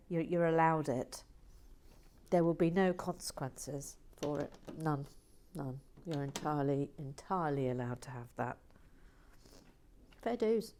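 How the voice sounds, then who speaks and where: A woman chats casually as she builds, taking her time over every word in a lowish voice. She is playful and teasing, and often slips into soft whispered asides. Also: a little hiss or hum. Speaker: LEGO building vlogger. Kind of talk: casual chat while building and reading comments.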